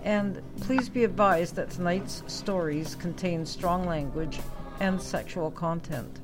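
A woman's voice: fairly low pitch, takes it slowly. Woman host over background music. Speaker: radio host introducing readers. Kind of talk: scripted introduction. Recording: music playing under the voice.

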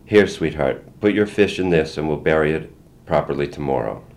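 A man voicing a firm, protective working mother who stays steady and calm, speaking gently to her children. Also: rumbling low, moderate pace. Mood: gentle.

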